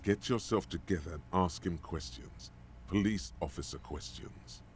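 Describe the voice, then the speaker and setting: Man voicing a game narrator, extremely deep voice, stern, contemptuous, commanding. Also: normal speed, lightly acted. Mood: urging. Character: stern scornful male inner-voice narrator. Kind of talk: video game voice acting.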